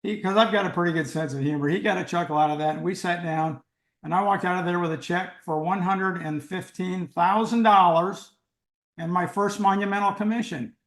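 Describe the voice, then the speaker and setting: Animated older male storyteller. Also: sits high, a little fast. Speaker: guest. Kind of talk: storytelling in an interview. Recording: roomy echo.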